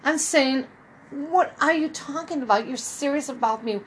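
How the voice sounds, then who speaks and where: A rough recording with a little hiss or hum captures a woman in her fifties speaking at normal speed. Her casual story wanders, and she voices the people she quotes with changing pitch.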